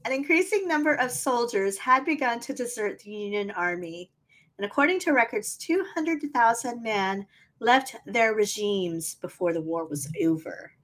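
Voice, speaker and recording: A woman's voice: a little high, expressive, moderate pace, a bit bright. A woman hosting a casual podcast, reading history notes in a chatty way and correcting herself as she goes. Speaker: podcast host.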